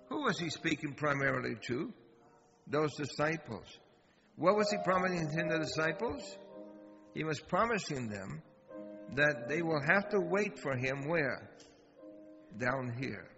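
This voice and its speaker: A man's voice: fairly high pitch, expressive, measured pace, gravelly, pauses often. A man who is a pastor, telling a personal story in a sermon and asking his listeners questions. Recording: long hall reverb, dull sound, guitar music behind. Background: guitar music.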